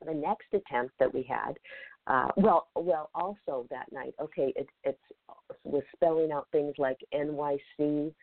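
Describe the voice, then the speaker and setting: A woman's voice: deep voice, unhurried, no echo. A woman hosting a show, telling a personal story in a rambling, hesitant way. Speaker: podcast host. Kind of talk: casual storytelling. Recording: tinny phone line, dry.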